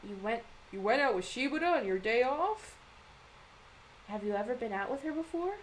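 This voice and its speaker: A woman's voice: a little high, lively intonation, moderate pace, slight background noise, lightly acted, rough recording. A woman reading a curious young man's lines from a manga, asking questions in a plain, direct way. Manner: questioning, straightforward.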